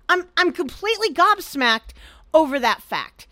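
A woman with a high voice co-hosts a casual podcast, talking bluntly and swearing freely. Her opinions come out animated and outspoken. The recording is dry and close to the mic. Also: moderate pace, no room sound. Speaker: podcast co-host. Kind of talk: casual chat.

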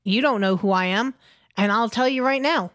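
A woman's voice: fairly high pitch, normal speed, fairly bright tone, no room sound, studio quality. Blunt, profane woman telling a story. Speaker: podcast co-host. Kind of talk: casual podcast storytelling.

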